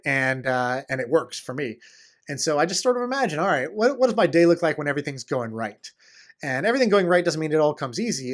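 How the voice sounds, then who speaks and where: Eager man with a slightly high voice. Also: a bit bright. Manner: fast, enthusiastic talk with many fillers and restarts. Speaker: podcast guest, entrepreneur. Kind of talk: casual interview chat.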